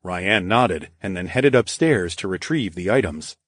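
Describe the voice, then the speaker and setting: A man narrating a first-person audiobook in a steady, measured way. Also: deep voice, no echo, clean studio sound.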